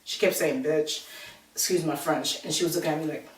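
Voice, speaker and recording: A woman's voice: low voice, brisk, far from the mic. Chatty woman telling a story, roomy echo. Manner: chatty, animated retelling with quoted voices. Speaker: vlogger. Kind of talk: casual storytelling to camera.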